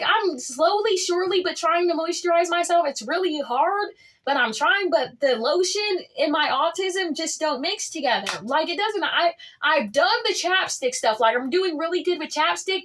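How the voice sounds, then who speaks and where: A woman's voice: extremely high pitch, a bit bright. A woman telling a storytime vlog in a casual, outspoken way, swinging her voice up and down dramatically. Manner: outspoken and boastful. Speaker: vlogger.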